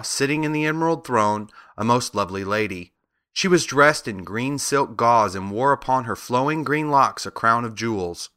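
Male narrator for a children's audiobook; bright tone, steady, measured delivery. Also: mid-range voice.

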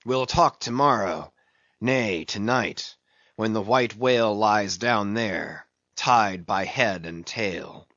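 A man puts on a grim, obsessed old sea captain with a voice pushed well below his own. The speech is slow and heavy, every phrase drawn out, and the recording sounds dull and a little lo-fi. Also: on the low side, fairly bright tone, dry recording, voice pushed down. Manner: brooding, solemn, drawn-out delivery.

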